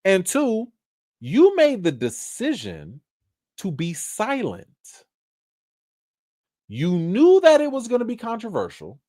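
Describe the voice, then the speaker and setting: A man's voice: sits high, wildly swooping pitch, slow pace, long pauses, darkish tone. A man hosting a livestream of entertainment news, with emphatic, scolding commentary. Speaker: livestream host.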